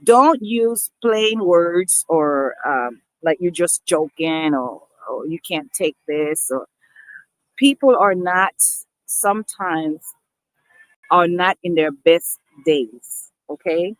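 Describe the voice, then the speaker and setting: Her voice fairly low and expressive, the woman takes it slowly as she talks casually and earnestly to camera. She's emphatic with her viewers, treating them as people, and often repeats or restarts phrases. No room sound, but the recording is rough.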